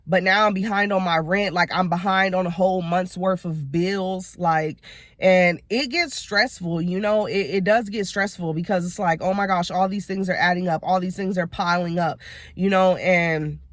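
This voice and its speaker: A woman's voice: on the low side, fairly even intonation, moderate pace, dry recording, studio quality. A woman talking from inside her car in a casual motivational vlog, earnest and rambling, often saying "you know what I'm saying.". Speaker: motivational vlogger.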